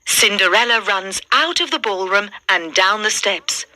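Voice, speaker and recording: A woman reading a children's story aloud slowly and clearly, with a lot of expression, for learners. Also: mid-range voice, animated, bright, forceful tone, no echo.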